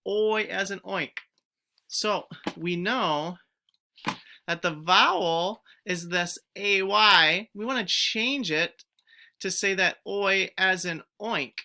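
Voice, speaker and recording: A woman teacher giving a recorded phonics lesson to young pupils, stretching out each word sound clearly and encouraging the children to join in. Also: medium pitch, slow pace, bright, forceful tone, slight background noise. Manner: encouraging, speaks directly to children.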